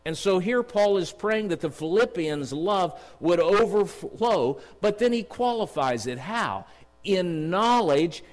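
A middle-aged man preaching a sermon in a church, earnest and storytelling, slowing down to read scripture. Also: sits high, lively intonation. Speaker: district superintendent preaching. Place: church sanctuary. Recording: long church reverb.

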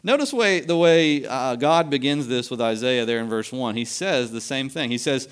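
Smooth-voiced man preaching a sermon. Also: mid-range voice, normal speed, few pauses. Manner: animated, rhetorical questions, voice rising and dropping for emphasis. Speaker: pastor.

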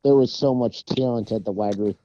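A man chiming in with measured points as a co-host in a casual sports chat. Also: mid-range voice, warm tone, highs cut off. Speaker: podcast co-host.

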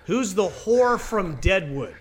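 A man's voice: high voice, lively intonation, slow. A man co-hosting a wrestling podcast, rambling through crude jokes, swearing freely and laughing at his own bits. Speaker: podcast co-host.

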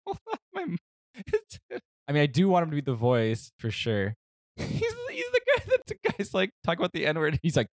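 Brief: male podcast co-host, animated and giggly, very expressive intonation. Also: a little high, moderate pace, no room sound, studio quality. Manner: animated, laughs often, playful. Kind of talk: casual chat.

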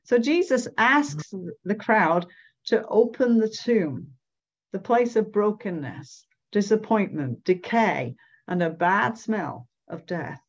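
A woman giving devotional Bible teaching, reading scripture aloud and explaining it slowly. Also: mid-range voice, animated, muffled recording. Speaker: speaker at a church gathering.

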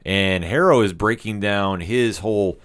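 A man co-hosting a podcast, explaining a TV episode in a measured, casual way. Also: fairly low pitch, fairly bright tone, clear, resonant tone. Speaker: podcast co-host. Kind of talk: casual TV recap discussion.

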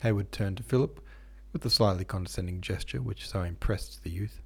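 A male podcast host reads a classic novel aloud. His narration is steady and measured. The voice is low, dark and a little husky. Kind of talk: audiobook narration.

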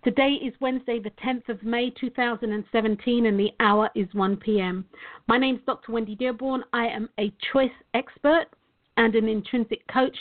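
A woman hosts a live online show in a loose, rambling way, laughing between thoughts. Her voice sits a touch high. It comes through a tinny, phone-like connection. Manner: chatty, rambling, laughs often. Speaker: show host and coach.

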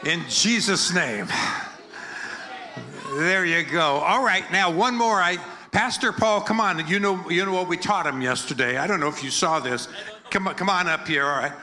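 Pitched high, pushed and bright, and at normal speed, an older American man preaches as a guest to a congregation in a church hall. He jokes playfully and leads the crowd in call-and-response during his lively sermon.

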